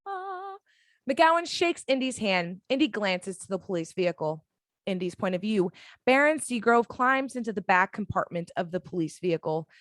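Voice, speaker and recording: A woman's voice: mid-range voice, no room sound. Woman narrating screenplay action, dry sound. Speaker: narrator reading action descriptions. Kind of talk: script narration for an audio drama.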